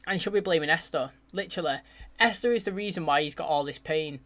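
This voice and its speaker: A man's voice: a little high, fast. A young man with an English accent, chatting casually as he reacts to a TV episode, saying "mate" often. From England. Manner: chatty, animated, says "mate" a lot. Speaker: TV reaction host.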